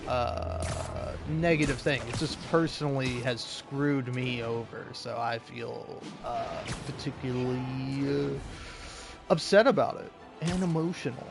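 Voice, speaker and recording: A man's voice: medium pitch, unhurried, creaky, music in the background. A young man streaming a game, rambling, swearing and joking at his own expense in casual chat. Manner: rambling, swearing, self-deprecating.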